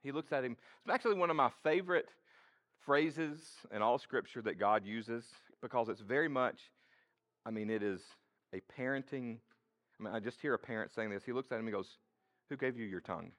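A male pastor with a medium-pitched voice preaches a sermon in church at a fairly quick pace. His style is casual, conversational and expressive, and he speaks directly to the congregation.

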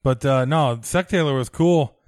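A man co-hosting a podcast in relaxed casual chat, easygoing and unhurried with plenty of fillers. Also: medium pitch, no room sound, studio quality. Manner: laid-back, easygoing, many uh fillers. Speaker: podcast co-host.

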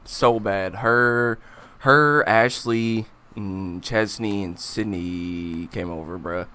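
A man's voice: slow pace, sharp tone, clear, resonant tone. A young man co-hosting a podcast, stubbornly insisting on his side in casual banter. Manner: stubborn, insistent, drops low when teasing. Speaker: podcast co-host.

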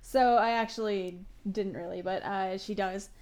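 Co-hosting a relaxed podcast, a woman from Ontario, Canada talks at a moderate pace in a medium-pitched, fairly even, slightly mellow voice, with a little background noise. She shifts from reading notes to chatting, laughs frequently, and fills her talk with "like" and self-corrections.

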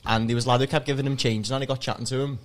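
A man's voice: medium pitch, steady tone, rapid-fire, a crowd in the background. A man, a comedian guest on a podcast, telling loose, self-deprecating stories. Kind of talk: casual comedy podcast chat.

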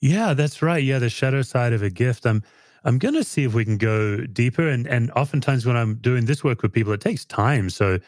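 A man, a therapist interviewing a guest, asking probing questions in a gentle, measured and slightly halting way. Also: medium pitch, expressive, no room sound, studio quality.

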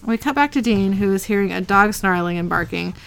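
Woman podcast host, mid-pitched, casual episode recap. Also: expressive, a little fast, creaky. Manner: chatty, reads out dialogue plainly. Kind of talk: casual retelling.

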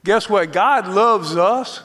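A man speaking as a guest on a church panel, easygoing and unhurried. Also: sits high, pushed and bright. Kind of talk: casual church panel talk.

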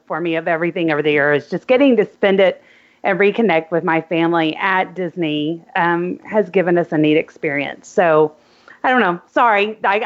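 A woman's voice: fairly low pitch, muffled recording. A woman co-hosting a podcast, chatting casually and getting sentimental, with frequent ums. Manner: sentimental, rambling with many ums. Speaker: podcast co-host. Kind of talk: casual chat.

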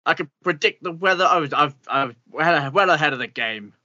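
A man's voice: fairly high pitch, expressive, brisk, sharp tone, no echo, highs cut off. A man playing a pompous, bitter older meteorologist with an upper-class English accent, blustering and grumbling in an improvised comedy interview. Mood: indignant. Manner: blustering, grumbling, swears mildly.

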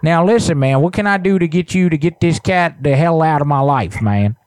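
A man's voice: moderate pace, darkish tone, dry recording, lightly acted. Brief: man voicing a crude redneck neighbor for a prank call, drawling, sings off the cuff. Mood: complaining. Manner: crude, drawling, bursts into rough high singing. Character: irritated redneck male neighbor complaining about a cat. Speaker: prank caller.

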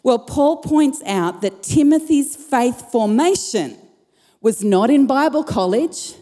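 High-voiced woman preaching. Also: lively intonation, slow, dark tone. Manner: passionate preaching with rising emphasis. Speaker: pastor. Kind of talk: sermon. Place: church auditorium. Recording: long hall reverb.

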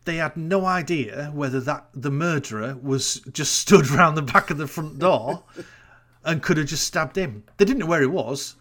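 Speaking a little high, at normal speed and with a fairly bright tone, a man rants through a recap of a TV episode on a casual podcast. He sounds incredulous and swears as he picks apart the plot holes.

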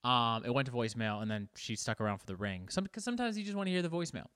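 Talking rapid-fire with animated delivery, a male host rambles through a casual solo podcast, mocking himself and cursing often. His voice is medium-pitched, a bit bright, and smooth, captured dry and close with no echo.

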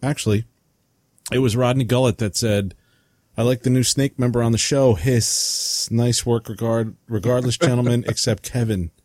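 A man's voice: mid-range voice, steady tone, normal speed, a little mellow, dry recording, clean studio sound. A man co-hosting a casual podcast, reading out listener comments and joking with laughs. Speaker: podcast co-host.

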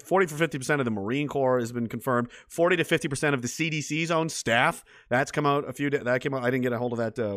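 A man's voice: medium pitch, fairly bright tone. A man from Nova Scotia hosting a livestream, reading comments in rambling, profane chat and laughing often. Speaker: host.

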